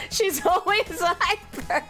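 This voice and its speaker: A woman's voice: extremely high pitch, a bit bright. A young woman streamer chatting casually with her viewers, sleep-deprived, laughing often and squealing when she thanks them. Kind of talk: casual live-stream chat.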